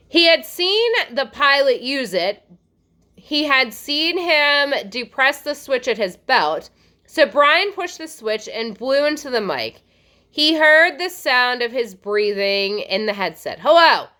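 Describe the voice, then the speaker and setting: A woman teacher reading a novel aloud to her class, with expressive storytelling. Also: high voice.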